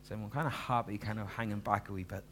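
Earnest preacher, lowish voice. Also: male voice, fairly even intonation, quick pace, fairly bright tone, a little hiss or hum. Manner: earnest, pleading, rising to emphatic questions. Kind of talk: sermon.

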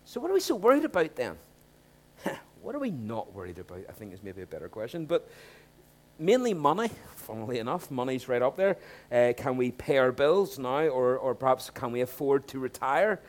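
A man preaching a sermon in a conversational way, asking rhetorical questions and swinging from quiet asides to emphatic points. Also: mid-range voice, very animated, normal speed.

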